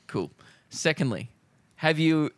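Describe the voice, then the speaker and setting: A man's voice: on the high side, lively intonation, slow pace, no room sound. An Australian man co-hosting a podcast, teasing his friend with pointed, mock-serious questions in casual chat. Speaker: podcast co-host.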